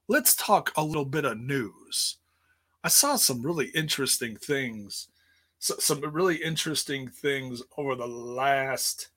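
A man's voice: a little high, fairly bright tone. A man in his forties hosting a livestreamed podcast, chatting casually in a playful, rambling way with many restarts. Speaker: podcast host. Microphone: streaming setup.

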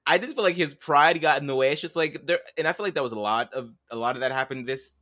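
A man co-hosting a podcast, chatting in an animated way and laughing as he talks. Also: a little high, fast, dry recording. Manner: animated, laughs while talking. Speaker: podcast co-host. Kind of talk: casual chat.

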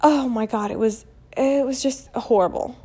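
A woman in her thirties telling a story casually as a vlogger, animated and blunt, acting out what people said. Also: fairly high pitch, moderate pace, husky. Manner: animated, acts out quotes, blunt with mild swearing. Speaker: vlogger and mother.

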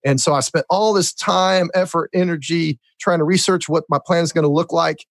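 Animated man with a higher voice. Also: moderate pace, dry recording. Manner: animated storyteller who repeats words when starting. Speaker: guest, repair shop and software business owner. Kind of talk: casual podcast chat.

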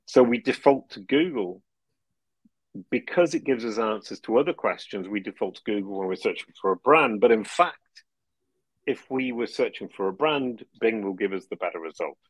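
Low-voiced man, lively explainer. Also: normal speed, slightly rough, dry recording, poor audio. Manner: animated, laughs often, restarts phrases; explanatory, talks in long runs. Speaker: podcast guest. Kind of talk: casual interview chat.

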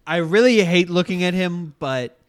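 A man's voice: high voice, lively intonation, moderate pace. A man co-hosting a casual podcast, chatting about a film with dry, matter-of-fact asides. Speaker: podcast co-host. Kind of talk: casual chat reviewing a film.

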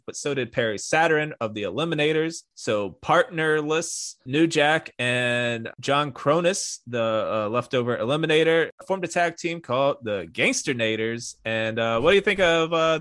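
A man's voice: a little high, lively intonation, moderate pace, hardly any pauses, fairly bright tone, no room sound, clean studio sound. A man hosting a podcast, reading out a history recap with wry asides. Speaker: podcast host.

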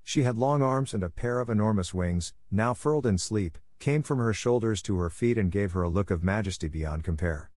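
A man narrates a classic fairy tale as an audiobook, steady and measured. His voice sits on the low side. The recording is dry and close, with no room echo.

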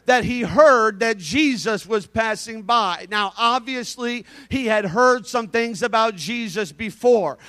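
Impassioned high-voiced man preaching. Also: measured pace, few pauses, no room sound. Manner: rising to shouted, impassioned preaching; calm, conversational instructions. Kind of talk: Pentecostal altar-call sermon. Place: church sanctuary.

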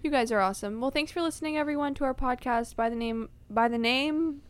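A young woman co-hosting a podcast in casual chat, giggly and quick to exclaim. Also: high-pitched, clear, resonant tone. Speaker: podcast co-host.

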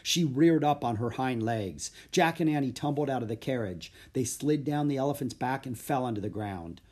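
A man narrating a children's audiobook in a steady, plain storytelling voice. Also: medium pitch, normal speed, husky.

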